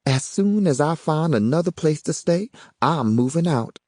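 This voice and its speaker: A man's voice: lively intonation, moderate pace, mellow, dry recording, clean studio sound. A man voicing a troubled young woman with a blunt, clipped way of talking in an audiobook. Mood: bitter. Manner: blunt, clipped, raised-pitch delivery. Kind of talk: audiobook character voice.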